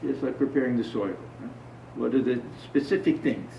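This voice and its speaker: Monk, conversational storyteller, gravelly voice, recorded from afar in an echoey room. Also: male voice, medium pitch, moderate pace, a little hiss or hum. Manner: conversational, asks the audience questions. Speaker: monk giving a spiritual talk. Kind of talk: informal spiritual talk with storytelling. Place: talk to a small gathering. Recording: roomy, distant, dull sound.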